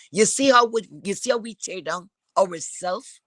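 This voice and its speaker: Woman commentator, bright edgy tone, blunt and foul-mouthed, hammering rhetorical questions. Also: medium pitch, normal speed, no room sound. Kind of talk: heated opinion rant.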